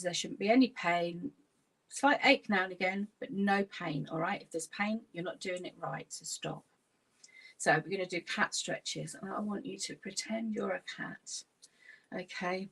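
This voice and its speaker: A woman, a laughter yoga leader gently guiding an online exercise class through stretches and breathing. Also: medium pitch, gravelly, breathy edge.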